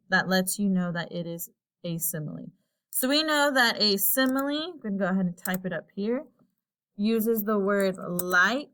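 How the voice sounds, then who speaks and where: A woman teacher giving a recorded lesson, explaining slowly and patiently and thinking aloud while she types. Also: mid-range voice, fairly bright tone.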